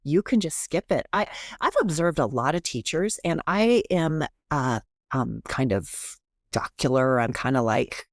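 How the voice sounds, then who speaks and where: A middle-aged woman professor, chatty and animated, often interrupting herself as she talks in a podcast interview. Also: low-pitched, measured pace, dry recording, clean studio sound. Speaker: guest professor.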